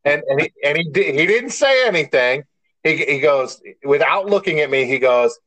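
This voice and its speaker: A man's voice: on the high side, animated, moderate pace, pushed and bright, no echo, poor audio. Rambling man telling a story, dry sound. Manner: rambling storyteller, frequent restarts and mild swearing. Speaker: podcast co-host. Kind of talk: casual chat.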